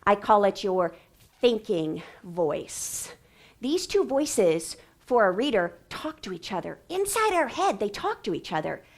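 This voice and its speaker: A woman giving a lively teacher training talk on reading, acting out classroom voices and dropping into whispered asides. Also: medium pitch, unhurried. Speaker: literacy trainer.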